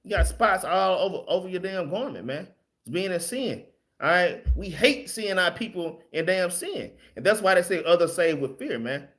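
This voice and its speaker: A man's voice: sits high, lively intonation, moderate pace, a bit bright. A man teaching a casual Bible study, plain-spoken and loose, often ending his phrases with "man" and letting slip some mild swearing.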